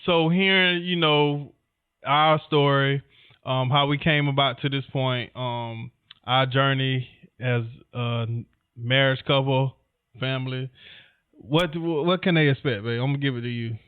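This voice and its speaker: A man co-hosting a podcast with his wife, talking in a relaxed, rambling way straight to the listeners. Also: medium pitch, a little slow, clear, resonant tone. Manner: laid-back, rambling, talks straight to listeners. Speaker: podcast co-host. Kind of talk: casual conversation. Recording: phone-like narrow sound.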